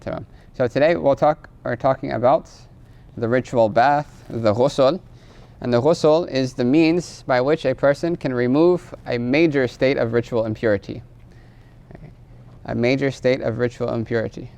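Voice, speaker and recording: Male lecturer, smooth resonant voice, patient teaching manner. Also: mid-range voice, moderate pace, a little mellow. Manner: tags phrases with a questioning "right?"; explains patiently, quizzes the class. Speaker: teacher of Islamic law. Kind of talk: classroom lecture.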